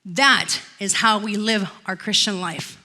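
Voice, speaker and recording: A woman pastor preaching a sermon in church, telling stories and rising into loud declarations. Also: mid-range voice, unhurried. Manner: storytelling, swells to loud declarations.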